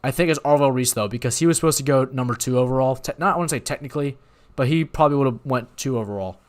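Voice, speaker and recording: A young man hosts a live stream and reacts as things happen, rambling and excitable. He keeps stopping to apologize and correct himself. His voice sits at an ordinary middle pitch. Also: fast talker. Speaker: watch party host.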